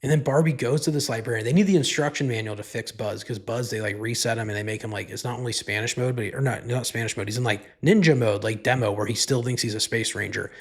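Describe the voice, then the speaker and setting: A man hosts his own podcast in a loose, rambling monologue. His voice is a little husky and sits at an ordinary pitch. He swears freely and fills his sentences with "like.". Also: quick pace, few pauses. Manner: rambling, profane, heavy use of "like". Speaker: podcast host. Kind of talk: casual solo podcast monologue.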